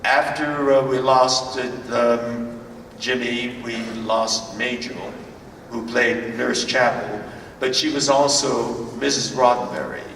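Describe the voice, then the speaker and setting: An older man telling stories as a convention panel guest, halting with many fillers and restarts, recorded from far off in a large hall. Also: medium pitch, fairly even intonation, noisy background. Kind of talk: anecdotal storytelling. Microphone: far from the recording camera.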